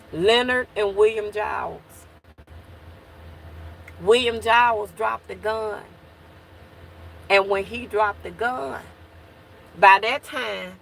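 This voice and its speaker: A woman recounts her own story to viewers, slow and deliberate, with a bright, tense tone and a gravelly fry at the ends of phrases. She circles back and repeats words as she talks to her listeners. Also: a little high, a little hiss or hum. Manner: repeats and restarts while reliving events, calls to listeners. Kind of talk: emotional personal testimony.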